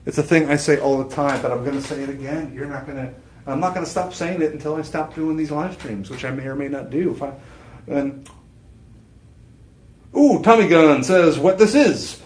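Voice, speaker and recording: On a studio set with a TV screen behind him, a shopping channel host sells jewelry during a live sales stream, chatting and rambling with self-interruptions and laughter. His voice is a little high, his pace normal, and the sound is roomy.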